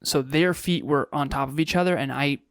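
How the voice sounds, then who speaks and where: A man's voice: fairly high pitch, a little fast, dry recording, studio quality. A man in his thirties co-hosting a podcast, telling stories in an earnest, reflective way. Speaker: podcast co-host. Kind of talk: casual chat.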